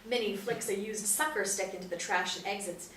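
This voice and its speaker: A woman narrator reading the stage directions at a table read, steady and matter-of-fact. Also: medium pitch, a little fast, a little hiss or hum. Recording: roomy, distant mic.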